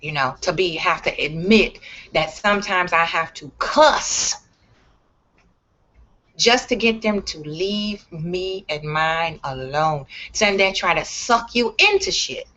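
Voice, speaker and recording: A woman's voice: fairly low pitch, animated, slow, pushed and bright, highs cut off. A woman talking straight to camera in a blunt, profane, emphatic rant. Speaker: vlogger. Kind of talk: ranting vlog monologue.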